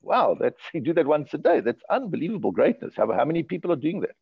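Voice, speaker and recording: A man giving a Torah lecture in a lively voice that rises and falls. He sounds gravelly and a little husky, and he keeps asking questions and repeating words. The recording is dull and lo-fi. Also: a little high, quick pace. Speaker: rabbi teaching a class.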